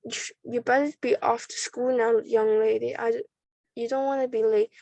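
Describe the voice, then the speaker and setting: A woman's voice: on the high side, steady tone, moderate pace, dry recording, natural voice. A woman voicing a big jolly, kind male shopkeeper in a storybook reading, fatherly and a bit muddled. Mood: kindly. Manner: warm, fatherly, a little muddled.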